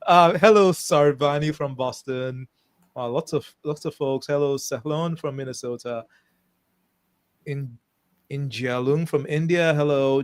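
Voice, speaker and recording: A man from Nigeria hosting a live interview podcast, chatty and laughing easily as he greets viewers by name. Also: medium pitch. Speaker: podcast host.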